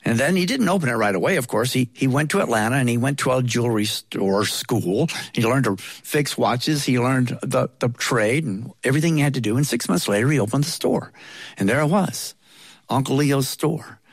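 A man spins a funny personal tale with a wry, chatty delivery and playful asides. His voice sits in an ordinary middle pitch, recorded dry and close. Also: animated, normal speed, slightly rough, no room sound. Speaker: storyteller. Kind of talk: humorous personal storytelling.

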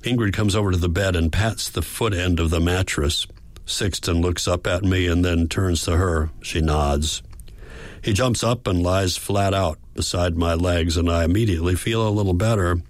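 A man reading a first-person audiobook in a measured, reflective way. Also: low-pitched, no echo. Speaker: audiobook narrator.

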